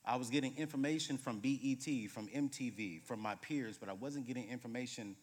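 A man in his late thirties, a guest preacher telling humorous stories in a sermon, moving between loud bursts and hushed moments. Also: mid-range voice, brisk. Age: 30s. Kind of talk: sermon with storytelling. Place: church sanctuary. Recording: reverberant church hall.

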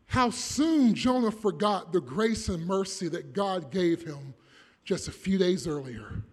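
A man preaching a sermon, reading scripture deliberately and building to emphatic, forceful points. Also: high-pitched, lively intonation, breathy edge. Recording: long reverb of a large hall.

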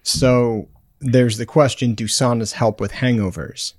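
A man co-hosting a podcast, laid-back and rambling in casual chat, trailing off softly at the end of his phrases. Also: medium pitch, fairly even intonation, unhurried, no echo, clean studio sound. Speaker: podcast co-host.

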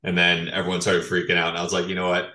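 A man guest on a podcast talking in a relaxed, easygoing way. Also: deep voice, very fast, roomy sound. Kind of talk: casual podcast chat.

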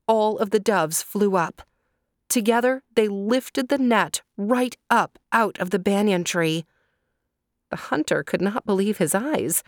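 A woman telling a children's story, gentle and deliberate, pausing to ask her young listeners questions. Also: medium pitch, dry recording, clean studio sound.

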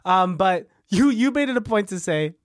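A man's voice: high-pitched, lively intonation, moderate pace, no room sound, studio quality. A man co-hosting a casual movie recap chat, joking, laughing often and swearing casually. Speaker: podcast co-host.

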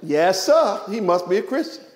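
High-voiced emphatic male preacher. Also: sing-song, moderate pace, slight background noise. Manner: emphatic preaching with rhetorical questions and joking asides. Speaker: pastor. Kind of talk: sermon.

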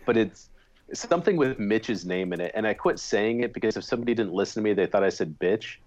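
A man in relaxed conversation with a slightly low voice, making dry remarks and chuckling now and then. The recording sounds dull and lo-fi. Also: fast. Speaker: podcast co-host. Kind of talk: casual chat.

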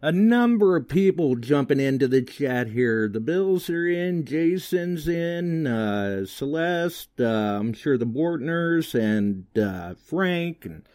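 A man hosting a live radio show, chatting excitably with big pitch jumps and quick asides. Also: dry recording, studio quality.

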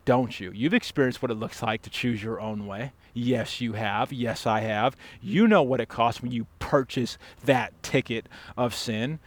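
A man preaching a sermon as pastor, emphatic and urgent, dropping to hushed stress on key words. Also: mid-range voice, no room sound. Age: adult father.

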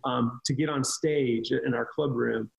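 A man's voice: medium pitch, fairly even intonation, a little slow, gravelly, poor audio. A man talking casually on a podcast, telling earnest stories about ministry with frequent restarts. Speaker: ministry leader.

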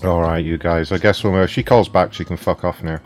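A man's voice: low-pitched, steady tone, fairly quick, faint music behind. A man hosting a prank call stream, chatting loosely, swearing and laughing. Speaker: prank call show host. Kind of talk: casual streamed chat.

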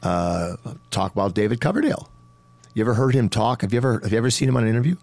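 A rock singer and studio vocalist chats casually on a podcast about vocal technique, rambling with many restarts and small demonstrations. He talks very fast with a lowish, darkish voice and lively intonation, recorded dry.

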